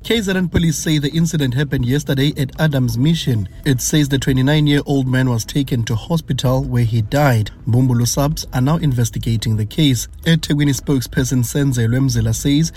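A man filing a radio news report in a formal, steady voice. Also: mid-range voice, brisk, hardly any pauses.

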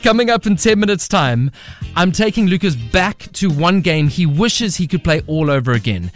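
A man hosting a radio show, asking questions in an enthusiastic, lively way. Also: a little high, normal speed, soft background music. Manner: lively, enthusiastic, laughs often. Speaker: radio host. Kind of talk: upbeat radio interview. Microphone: studio mic.

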